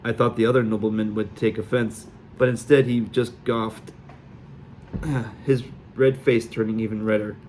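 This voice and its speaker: A man narrating a novel aloud in a steady reading voice with occasional small slips. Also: fairly low pitch, moderate pace, slight background noise. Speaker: audiobook reader. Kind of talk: amateur audiobook narration.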